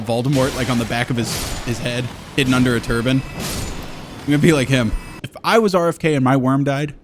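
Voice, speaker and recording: A man's voice: medium pitch, slight background noise. A young adult man rambling casually as a streamer, crude and joking, swearing freely and slipping into playful silly voices.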